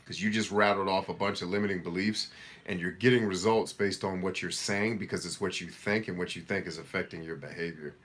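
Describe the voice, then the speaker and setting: A middle-aged man hosting a live coaching Q&A, reading viewer comments aloud and giving direct, energetic, motivational advice in a casual way. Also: deep voice, brisk.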